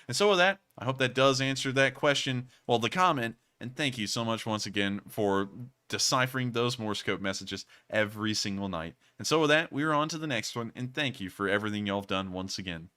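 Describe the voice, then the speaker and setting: A man hosting a live news stream, answering viewer comments with energy and a pushed-up pitch. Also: fairly quick, smooth. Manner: energetic, keeps his voice pushed high. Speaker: livestream host.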